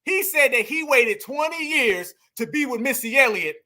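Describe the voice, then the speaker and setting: A man's voice: extremely high pitch, expressive, moderate pace, pushed and bright. A man hosting a heated online reaction commentary, mocking as he talks to his chat.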